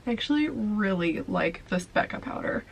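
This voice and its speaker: A woman's voice: medium pitch, expressive, normal speed, gravelly, slightly rough, poor audio. A young woman vlogger, tired and sleepy, chatting casually through a makeup tutorial with lots of filler words. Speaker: beauty vlogger.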